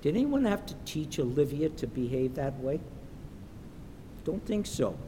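A man preaching a sermon in a church, slow and emphatic, sometimes acting out the voices of the people in his stories. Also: very animated, darkish tone. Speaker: pastor. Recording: echoey hall with faint rumble.

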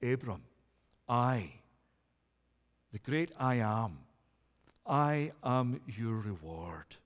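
A man preaching a sermon, voicing God speaking to Abram in a grave, measured way. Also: medium pitch, big pitch swings, long reverb tail, pitched below the performer's own voice. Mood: solemn.

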